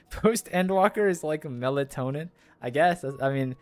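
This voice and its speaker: A man's voice: a little high, animated, normal speed, hardly any pauses, no echo. A man streaming a game, sleepy, musing aloud in a drowsy, lightly sarcastic way. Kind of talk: casual chat while gaming.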